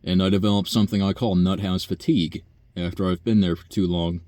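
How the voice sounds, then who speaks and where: A man's voice: low-pitched, fairly even intonation, brisk, dark tone, no room sound. A young man, a nursing home worker, telling a long profane story in a rambling, sighing way. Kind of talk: casual rant monologue.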